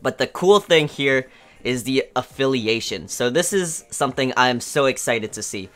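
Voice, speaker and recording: A mid-pitched man with a smooth, clean voice hosts a gaming channel, buzzing with excitement as he rambles through news. He fills gaps with lots of ums and uhs while faint music plays behind him. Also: moderate pace. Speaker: gaming YouTuber. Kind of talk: excited game news commentary. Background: faint background music.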